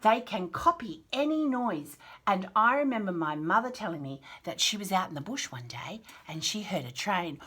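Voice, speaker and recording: A woman's voice: mid-range voice, very animated, normal speed, a bit bright, slightly rough. Playful woman reading to toddlers. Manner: playful, imitates animal and train noises; asks the child questions directly. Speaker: children's book reader.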